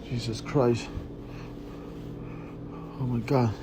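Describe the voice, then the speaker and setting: Scared man, hushed night vlog, mid-pitched, hiss-laden phone audio. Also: flat delivery, very slow. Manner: hushed, shaky, swearing under his breath. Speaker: vlogger filming at night. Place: home at night, indoors. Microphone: phone camera. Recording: noisy phone video recording.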